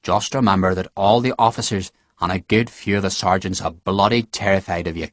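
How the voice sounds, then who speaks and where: A man's voice: deep voice, fairly quick, no room sound, studio quality, voice pushed down, close to an everyday voice. A man voicing a big, good-humoured Irish soldier with an Irish accent and a wry, teasing manner. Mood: wry, amused.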